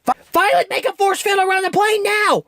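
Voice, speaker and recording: Man doing a superhero mom, frantic, shouting, shrill and high. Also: fairly quick, dry recording, studio quality, exaggerated voice. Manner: shouting, urgent.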